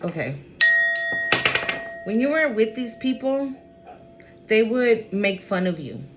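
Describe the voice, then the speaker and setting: A woman's voice: a little high, big pitch swings, slow, dull audio. A woman giving a spiritual card reading to her viewers, emphatic and repetitive. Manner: emphatic, repeats phrases, addresses viewers as y'all. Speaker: tarot reader.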